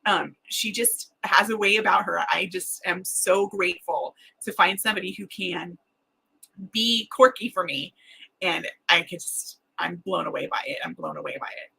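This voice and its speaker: A woman author chatting casually and excitedly with viewers during a livestreamed book launch, rambling a little as she goes. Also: fairly low pitch, normal speed, creaky, husky, low-quality recording. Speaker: mystery author hosting a live book launch.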